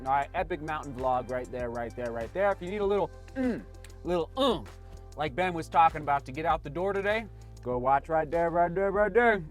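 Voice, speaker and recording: A man's voice: a little high, animated, fairly quick. A man reviewing running shoes in a casual vlog, chatty and enthusiastic. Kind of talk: casual vlog talk to camera. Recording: faint music behind.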